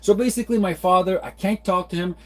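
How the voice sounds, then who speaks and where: 40s guy, high voice, rambling, fed-up venting to camera. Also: fast talker, a bit bright. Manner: rambling, exasperated, many restarts. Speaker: vlogger. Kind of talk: casual venting monologue.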